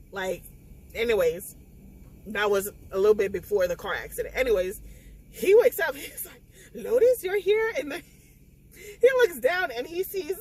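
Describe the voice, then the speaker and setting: Woman book vlogger, slightly high voice, emotional, tearful retelling. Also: slightly rough, poor audio. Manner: animated, emotional retelling with quoted dialogue. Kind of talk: casual spoiler recap vlog.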